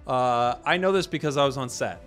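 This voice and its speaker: A man's voice: mid-range voice, brisk. Rambling man joking over game music. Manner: rambling, joking, deadpan tall tales. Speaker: gaming channel host. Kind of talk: casual gameplay commentary.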